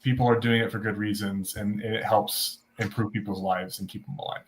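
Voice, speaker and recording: A man's voice: on the low side, fairly even intonation, a little hiss or hum. Guy on a faith podcast, earnest, keeps restarting his sentences, casual chat. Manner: earnest, halting with many restarts. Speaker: podcast co-host.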